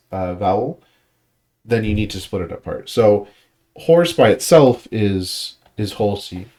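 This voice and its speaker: A man's voice: lowish voice, dark tone. A man leading a language study group, explaining pronunciation casually and often restarting his sentences while he thinks. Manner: thinking aloud with frequent restarts and fillers.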